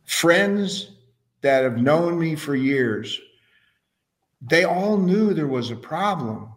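A man talking as an interview guest, telling stories in an enthusiastic, casual way with frequent restarts. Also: medium pitch. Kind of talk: casual conversational storytelling.

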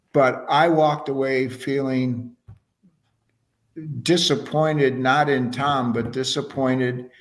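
A man talking as an interview guest, telling stories in an enthusiastic, casual way with frequent restarts. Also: medium pitch. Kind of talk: casual conversational storytelling.

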